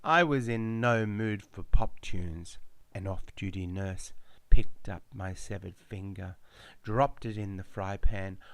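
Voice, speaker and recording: Slow, low-voiced man narrating. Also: fairly bright tone, dry recording. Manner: slow, measured, darkly dramatic reading. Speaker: author reading his memoir. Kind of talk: audiobook narration.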